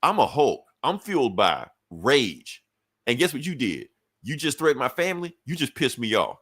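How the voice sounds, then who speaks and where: A man's voice: mid-range voice, sing-song, moderate pace, a bit bright, slightly rough. A man doing a blunt, furious hulking heroine. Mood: defiant.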